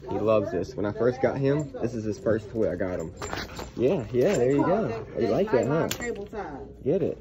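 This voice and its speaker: A man's voice: medium pitch, expressive, moderate pace, lo-fi sound, a crowd in the background. A man filming a casual vlog inside a discount store, coaxing and praising his puppy with repeated commands. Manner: coaxing dog-directed talk, repeated commands. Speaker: vlogger training his puppy.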